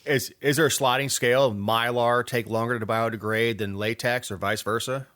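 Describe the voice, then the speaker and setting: A man's voice: mid-range voice, fairly even intonation, normal speed, a bit bright. Wry man, rambling banter. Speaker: podcast co-host. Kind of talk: casual political chat.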